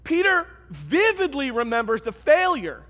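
High-voiced man preaching in a reverberant hall. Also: huge pitch swings, a little slow, sharp tone. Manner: conversational, emphatic preaching. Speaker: pastor. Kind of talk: sermon. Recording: long reverb of a large hall.

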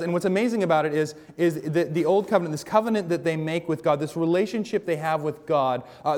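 A man preaching a sermon as a pastor, telling the stories in a conversational, animated way. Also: sits high.

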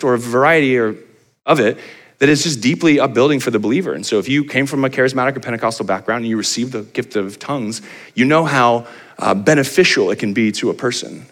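Animated male pastor preaching. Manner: animated, pitch rising for emphasis, asks the crowd rhetorical questions. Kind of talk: sermon.

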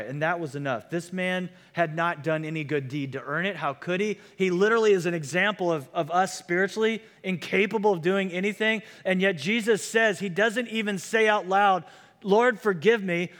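A man's voice: on the high side, a bit bright. Earnest male pastor preaching in a reverberant hall. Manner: earnest, repeats key lines for emphasis. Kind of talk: sermon.

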